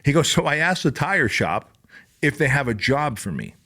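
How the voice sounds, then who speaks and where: A man hosting a podcast, telling a story in an animated way, acting out the dialogue and swearing bluntly. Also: medium pitch, normal speed. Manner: animated, acts out dialogue with raised voice. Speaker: podcast host. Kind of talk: storytelling monologue.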